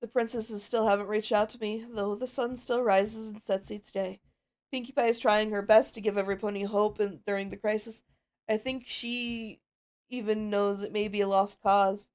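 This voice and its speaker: A woman's voice: mid-range voice, flat delivery, normal speed, darkish tone, natural voice. A woman voicing Twilight Sparkle, an anxious, studious mare pony, narrating worried diary-like entries while role-playing a game.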